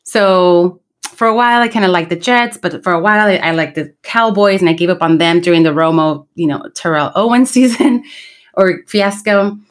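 A woman's voice: fairly low pitch, normal speed. A pregnant woman from Los Angeles, co-hosting a podcast, telling a story in casual chat and slipping into Spanish. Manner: chatty storyteller, slips into Spanish. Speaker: podcast co-host.

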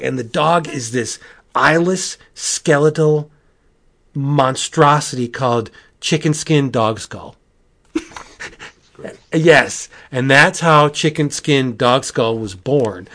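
A man hosting a casual comic book review podcast, rambling and animated, with frequent asides and restarts. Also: fairly high pitch. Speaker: podcast host.

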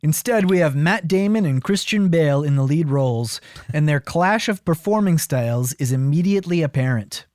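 A man co-hosting a comedy podcast reads passages of a film review aloud and keeps cracking himself up between lines. His voice sits a little higher than most men's and comes through very dry and close. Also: animated, moderate pace, a little mellow, dry recording. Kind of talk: casual comedic chat.

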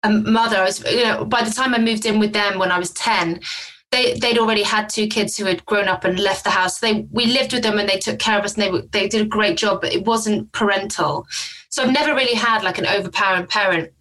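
A woman's voice: mid-range voice, a little fast, a bit bright, low-quality recording. A middle-aged woman talking frankly and openly as a guest in a casual conversation, rambling and self-deprecating. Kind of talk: candid conversation.

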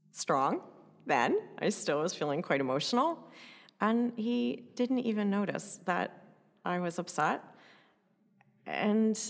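A woman recounting a personal story in an animated, conversational way, often adding "like" and "right?". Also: mid-range voice, in a large hall.

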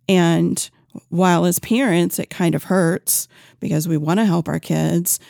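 A woman talking earnestly about parenting, unhurried, with frequent ums and small restarts. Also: on the low side, gravelly, dark tone, dry recording, studio quality. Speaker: parenting advice speaker. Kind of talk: instructional parenting talk.

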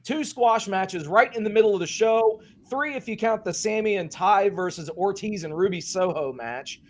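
Ranting high-voiced man. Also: moderate pace. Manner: ranting, sarcastic, swears freely. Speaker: podcast co-host. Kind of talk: casual wrestling commentary.

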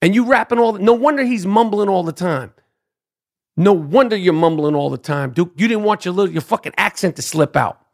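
A middle-aged man rants on his own podcast, brash and profane. His voice sits high for a man and has a gravelly rasp. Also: animated, fairly quick. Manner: loud, brash, trash-talking, repeats "Duke". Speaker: podcast host. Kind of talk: profane ranting monologue.

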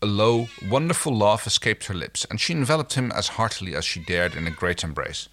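Man, deep-ish and animated; playful co-host reading aloud. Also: brisk, slight background noise. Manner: playful, laughs mid-reading. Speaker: podcast co-host reading fan fiction. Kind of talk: casual chat and dramatic read-aloud.

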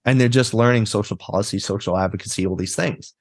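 A man who works as a therapist and mindset coach talks as a guest in a casual interview, blunt, animated and swearing freely. His voice is fairly low in pitch, and he speaks at a quick pace.

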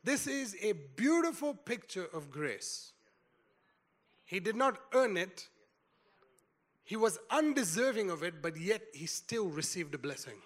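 A man preaching a sermon, retelling a scripture story in a storytelling way and building to loud emphasis. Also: high-pitched, sing-song, unhurried. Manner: storytelling, acts out quotes, rising to loud emphasis.

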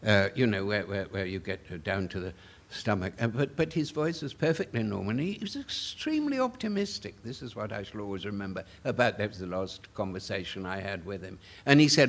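A man's voice: lowish voice, very animated, fairly quick. An older man, an author telling anecdotes at a public Q&A, often stammering and repeating words. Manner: stammering repetitions, chuckling asides. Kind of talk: anecdotal storytelling.

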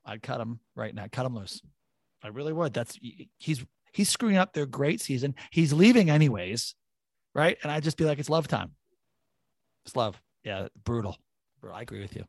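A man's voice: mid-range voice, animated, moderate pace, vocal fry, no room sound. A man hosting a casual sports podcast, talking animatedly with plenty of swearing and rambling stories. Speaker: podcast host.

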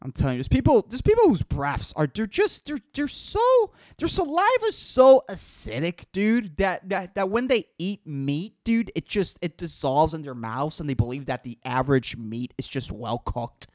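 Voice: medium pitch, sing-song, moderate pace, hardly any pauses, a little mellow, dry recording, clean studio sound. A podcast host ranting alone for comic effect, profane and rambling, repeating words while searching for the next one and calling out to an imagined listener in exasperation. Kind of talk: solo comedic rant.

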